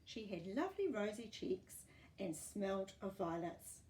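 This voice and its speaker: Animated woman reading a picture book. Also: medium pitch, unhurried. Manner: expressive, animated storytelling. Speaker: children's story reader. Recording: roomy, distant mic, faint noise.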